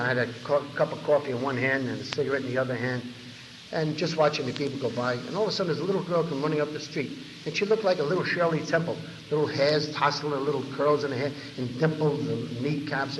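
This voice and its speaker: Fast-talking New man in a hall. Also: a little high, a little hiss or hum. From New York. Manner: animated storyteller who acts out others' lines. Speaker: recovery meeting speaker. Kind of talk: storytelling talk to a large audience. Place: large convention hall. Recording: dull 1990 tape of a hall talk with long echo.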